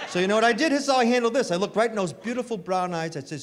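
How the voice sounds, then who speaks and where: A middle-aged man performing a stand-up comedy set with animated, punchy storytelling, recorded live on stage. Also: sits high, a little fast, long pauses. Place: comedy stage before an audience. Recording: live hall with reverb, faint noise.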